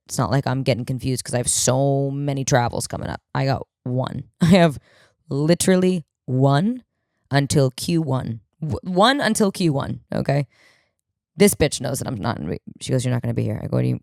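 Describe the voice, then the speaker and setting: A woman's voice: deep voice, dry recording, studio quality. A young woman hosting a podcast, telling a comedic story and acting out the quotes with lots of swearing. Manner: animated, acts out quotes, swears a lot. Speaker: podcast host.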